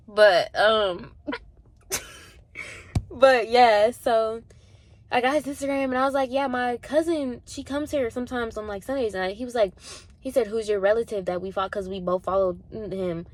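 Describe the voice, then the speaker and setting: A young woman in her twenties chatting casually at the gym, animated and full of "like", acting out the people in her story. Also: mid-range voice, moderate pace. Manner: animated, acts out voices in quotes, frequent "like" and swearing. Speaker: vlogger.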